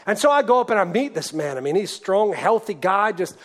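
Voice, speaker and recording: A man with a high voice delivers a sermon, recounting a testimony story. He speaks earnestly, dropping to a hush and then rising to a near shout. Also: very animated, brisk. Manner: earnest, swings from hushed to shouted. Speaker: preacher.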